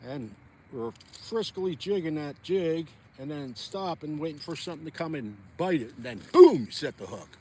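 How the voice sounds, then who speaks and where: Casual man vlogging from a frozen pond, chatty and rambling, a touch high-pitched, faint wind and hum behind. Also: lively intonation, normal speed, a little mellow. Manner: chatty, rambling, talks to viewers while jigging. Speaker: ice fishing vlogger. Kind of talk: casual outdoor vlog chat.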